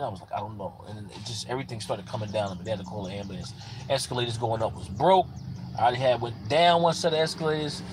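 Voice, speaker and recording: A man's voice: medium pitch, slight background noise. Earnest man telling his testimony. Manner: earnest, repeats phrases for emphasis. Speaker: parent sharing a personal testimony. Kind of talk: casual personal testimony.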